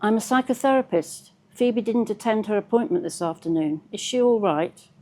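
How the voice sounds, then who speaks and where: A woman's voice: mid-range voice, lively intonation, normal speed, warm tone, lightly acted. A woman reading as an anxious psychotherapist. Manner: anxious, earnest questions. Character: worried female psychotherapist on the phone.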